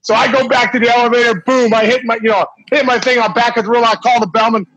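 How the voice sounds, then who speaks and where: A middle-aged man, a former ballplayer, telling a lively anecdote in a casual, animated way with many restarts. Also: very high voice, fast talker, few pauses, husky, poor audio. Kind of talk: casual storytelling.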